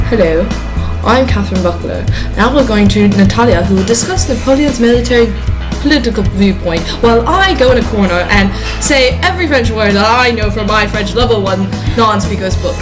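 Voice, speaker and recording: A teenage girl playing a news anchor in a playful school project news parody. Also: on the high side.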